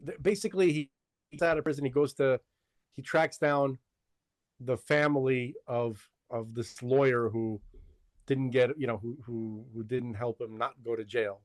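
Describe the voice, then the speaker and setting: A man hosts a podcast in loose, rambling chat, stopping and restarting his thoughts. His voice sits at a middling pitch. The sound is dry and close. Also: steady tone, moderate pace, dry recording. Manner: rambling, hesitant, many restarts. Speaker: podcast host. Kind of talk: casual chat.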